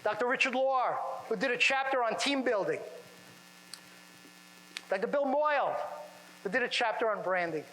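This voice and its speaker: A man speaking to chiropractors at a seminar in a conference room, energetic and full of rhetorical questions to the audience. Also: very high-pitched, normal speed, long pauses, long reverb tail, slight background noise, rough recording. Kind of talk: motivational seminar talk.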